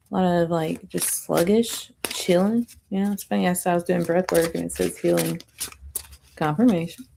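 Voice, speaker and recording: A woman doing a chatty, rambling tarot reading, her voice going hoarse. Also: lowish voice, mellow, a little hiss or hum. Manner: chatty, rambling, self-interrupting. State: losing her voice. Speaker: tarot reader.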